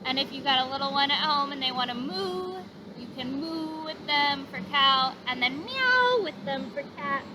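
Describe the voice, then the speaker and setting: High-voiced woman leading a yoga class. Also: animated, normal speed, few pauses, background noise. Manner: gentle, encouraging, cueing breaths. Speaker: yoga instructor. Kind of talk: guided yoga class instruction. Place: outdoors in a park.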